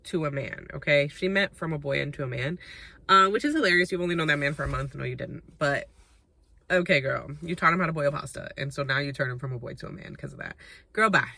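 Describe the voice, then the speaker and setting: A woman's voice: low voice, fast talker, creaky, sharp tone. A young adult woman recapping a reality dating show in a chatty, sassy, opinionated way. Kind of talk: casual recap and commentary.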